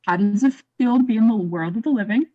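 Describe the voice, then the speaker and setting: A woman playing a tabletop game, talking casually in an excitable way with frequent laughs. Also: fairly high pitch, fast, highs cut off. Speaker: player.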